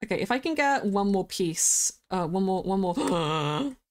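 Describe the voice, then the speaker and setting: A woman streaming a game and chatting casually through her commentary. Her voice sits at a middle pitch but swings widely up and down as she talks. She is chatty and easily excited, breaking into squeals whenever an animal appears. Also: normal speed.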